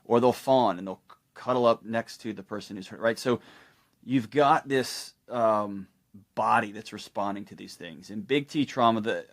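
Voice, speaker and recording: A middle-aged man explaining ideas as a podcast guest, telling stories in a lively way and acting out the people he quotes. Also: fairly low pitch. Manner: animated storytelling, acts out quoted people. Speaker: guest expert. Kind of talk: conversational explanation.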